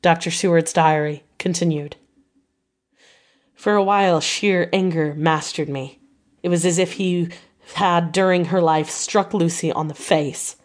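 A woman narrates a classic novel as an audiobook. Her delivery is measured and even, in a slightly low voice.

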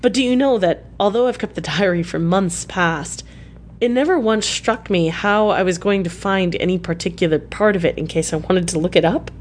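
A man's voice: high voice, normal speed, a little hiss or hum, close to an everyday voice. A woman voicing an earnest, embarrassed male doctor who speaks hesitantly and awkwardly.

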